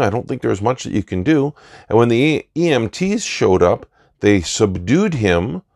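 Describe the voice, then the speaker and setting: A man giving an earnest opinion monologue in deliberate short phrases. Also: medium pitch, vocal fry, dry recording, clean studio sound. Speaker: commentator.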